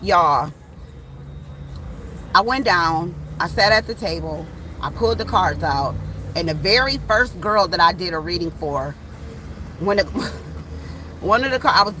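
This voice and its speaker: A woman tarot reader chatting casually to her viewers outdoors, animated and swearing freely as she tells stories. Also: on the low side, slight background noise, low-quality recording. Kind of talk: casual storytelling vlog.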